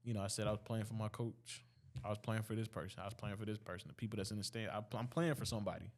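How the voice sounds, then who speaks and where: Talking very fast in a steady tone, a high school guy in his late teens tells a laid-back story, frequently stumbling into fillers and restarts.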